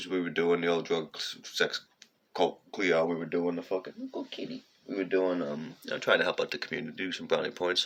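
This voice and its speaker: A man's voice: low voice, vocal fry, slight background noise. A man telling a rambling personal story in a casual, profane way, sometimes breaking off to talk to his cat. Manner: profane, meandering, animated, talks aside to his cat.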